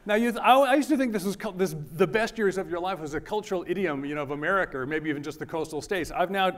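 Man, high voice, university lecturer, conversational, jokey, asks the audience questions. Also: fast talker, a bit bright.

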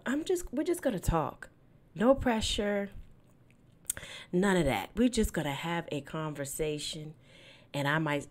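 Low-voiced woman hosting a faith podcast. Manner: relaxed and chatty, turning hushed and devout in prayer. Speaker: podcast host. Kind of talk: casual faith podcast chat with spoken prayer. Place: home desk late at night.

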